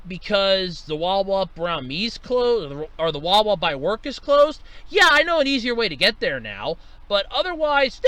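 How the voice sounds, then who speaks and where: A man's voice: high-pitched, pushed and bright. A man hosting a solo podcast, telling an everyday story in an exasperated, swearing ranting manner and jumping up in voice when he quotes himself. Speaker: podcast host. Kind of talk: solo casual rant.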